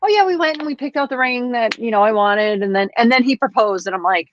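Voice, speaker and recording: A woman's voice: a little high, expressive, fast, slight background noise. A woman co-hosting a podcast, ranting bluntly in casual chat and swearing freely. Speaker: podcast co-host. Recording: dull dry lo-fi sound.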